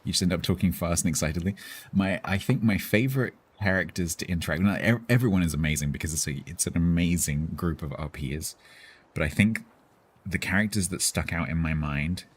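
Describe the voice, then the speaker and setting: A man's voice: low-pitched, brisk, slightly rough. A man streaming live, chatting casually with his viewers about role-play characters in a rambling, self-interrupting way.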